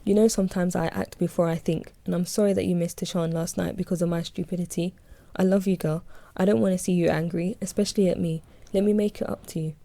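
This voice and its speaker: A man's voice: sits high, steady tone, quick pace, vocal fry, dark tone, dry recording. A woman reading aloud as an impulsive male friend, pleading and eager to make amends.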